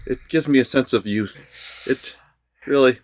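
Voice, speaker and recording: A male songwriter co-hosting a music reaction podcast. He talks at a middle pitch, loosely and self-deprecatingly, and often restarts his sentences as he works out his thoughts. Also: measured pace. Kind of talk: casual music reaction chat.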